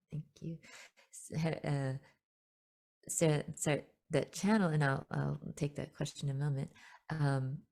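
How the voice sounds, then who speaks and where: Female spiritual teacher, low relaxed voice, chatty and gently amused, loose unscripted delivery. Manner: gentle, chatty, laughs often, many fillers and restarts. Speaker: spiritual teacher hosting a webinar. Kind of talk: casual spoken teaching.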